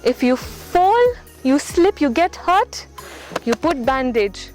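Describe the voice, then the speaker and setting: High-voiced masked woman coaching children. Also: expressive, takes it slowly, rough recording. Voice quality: speaking through a face mask. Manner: patient, repetitive, encouraging with frequent checks. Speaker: charity volunteer teaching children. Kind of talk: instructing children. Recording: music playing under the speech. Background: loud background music.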